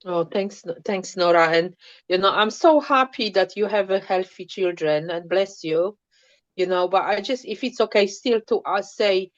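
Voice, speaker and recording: A woman's voice: medium pitch, moderate pace, dry recording, highs cut off. Hesitant woman asking a question. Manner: hesitant, searching for words. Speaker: workshop participant. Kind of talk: halting question to host.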